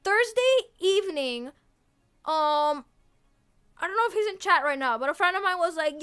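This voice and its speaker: A young adult woman streaming as a VTuber, chatting casually in a rambling, excitable way full of fillers and restarts. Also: extremely high pitch, normal speed, long pauses. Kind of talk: casual livestream chat.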